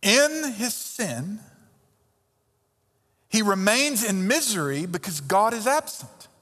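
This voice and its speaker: A man's voice: high-pitched, big pitch swings, slow pace, a bit bright. A man preaching a sermon as pastor, emphatic and conversational, with pointed rhetorical questions. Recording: long reverb of a large hall.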